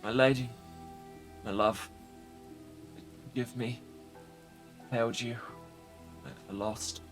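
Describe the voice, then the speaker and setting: A man voicing a dying, shivering male warrior who prays quietly and brokenly. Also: medium pitch, steady tone, takes it slowly, soft background music, voice pushed up. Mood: grieving.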